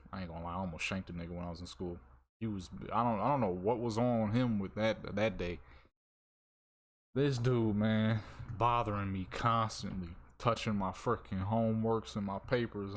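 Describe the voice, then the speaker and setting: Laid-back low-voiced guy making beats. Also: steady tone, normal speed. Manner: laid-back, laughs often, slangy. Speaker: beatmaker streamer. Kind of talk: casual storytelling while making beats. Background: beat playing.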